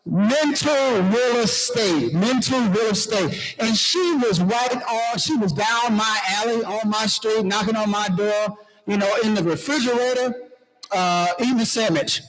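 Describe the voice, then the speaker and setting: High-voiced playful man emceeing a conference. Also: normal speed, poor audio. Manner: playful, preachy, talks to the crowd. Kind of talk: lively stage emcee talk. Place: conference hall.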